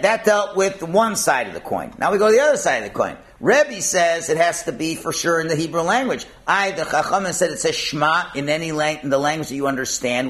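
A man with a somewhat raised voice teaches a Talmud passage, and his pitch rises and falls a great deal as he talks. He puts questions to himself and then answers them. He drops Hebrew and Aramaic terms into his explanations. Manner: animated, asks and answers his own questions.

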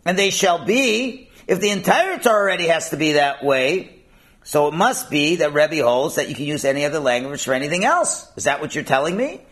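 Guy teaching talmud, kinda high voice that swings up and down a lot, keeps asking himself questions. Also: a little fast. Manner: animated, asks and answers his own questions; mixes in Hebrew and Aramaic terms. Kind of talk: explaining a Talmud passage.

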